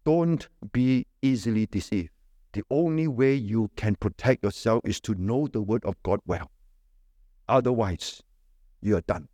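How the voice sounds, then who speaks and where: A man preaching a sermon, emphatic, with rhetorical questions and sharp swings between raised stresses and low dropped endings. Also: unhurried, no room sound, clean studio sound.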